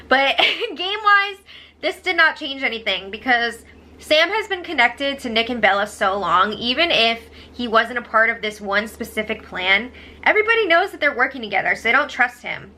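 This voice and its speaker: A woman's voice: on the high side, pushed and bright. A young woman hosting a casual recap, chatty, with sarcastic, eye-rolling asides. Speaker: host recapping a reality show.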